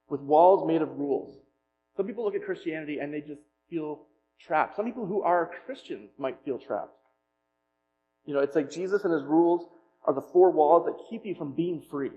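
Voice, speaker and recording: A man telling a personal story as a pastor in a sermon, with self-deprecating humor and animated retelling. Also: on the high side, muffled recording, slight background noise.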